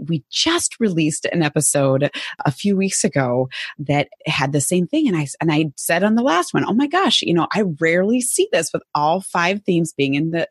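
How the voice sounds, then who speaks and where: American lady podcast host, low husky voice, super upbeat, dry sound. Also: dry recording. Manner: enthusiastic, affirming. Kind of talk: interview conversation.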